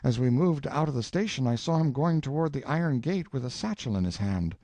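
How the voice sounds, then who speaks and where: A man's voice: mid-range voice, lively intonation, brisk, warm tone, no room sound, voice pushed up, lightly acted. A man playing an earnest, eager young friend.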